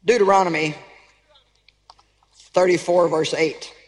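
A woman's voice: on the low side, fairly even intonation, measured pace. A middle-aged woman preaching a sermon with emphasis and calling on the congregation for responses. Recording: long reverb of a large hall.

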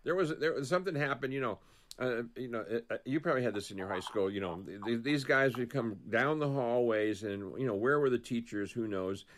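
A man chatting about politics on a talk show, with a voice of ordinary middle pitch. He rambles, starts sentences over, and slips into little acted-out quotes as he tells a story. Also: fairly quick. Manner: rambling, restarts often, acts out quotes.

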